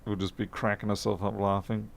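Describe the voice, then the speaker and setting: Gravelly repair tech, low-voiced. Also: male voice, flat delivery, fairly quick. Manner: chatty, self-mocking, mutters while working. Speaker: electronics repair technician. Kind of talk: casual workbench commentary. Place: repair workshop.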